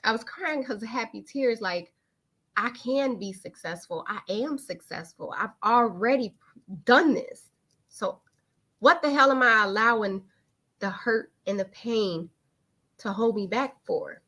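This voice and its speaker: A woman's voice: a little high, measured pace. A woman, hosting a live online talk and candidly telling a personal story in casual speech. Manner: candid, animated, swings into lively quoted voices.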